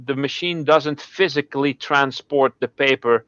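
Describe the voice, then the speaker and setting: Guy with a smooth clear voice, trips over his words a bit, dry and kinda muffled. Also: medium pitch, a little slow, a bit bright, no room sound. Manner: restarts and repeats words while searching. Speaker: guest on a live stream. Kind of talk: casual chat.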